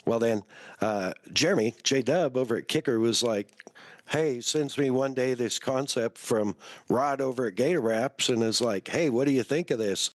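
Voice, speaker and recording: A man hosting a podcast, chatting in a relaxed, conversational way. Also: mid-range voice, normal speed, no room sound. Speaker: podcast host. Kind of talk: casual podcast chat.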